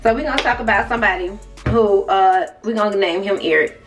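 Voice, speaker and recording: A young woman tells a story in a chatty, casual way, speaking right to her viewers with side remarks. Her voice sits at an ordinary middle pitch. The mic is set some way off, and faint music plays underneath. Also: a little fast, recorded from a distance. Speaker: vlogger.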